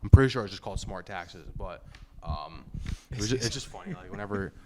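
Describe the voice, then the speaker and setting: Deep-voiced young man, rambling sports chat. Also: expressive, a little fast, background noise. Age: young adult. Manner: loose, rambling, jokey. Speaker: podcast host. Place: room at home. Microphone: studio microphone.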